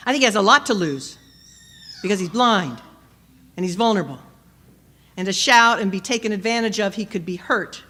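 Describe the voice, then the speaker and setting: A woman's voice: mid-range voice, lively intonation. Woman preaching in a reverberant church. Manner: measured, questioning, builds to emphatic peaks then drops soft. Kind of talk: sermon.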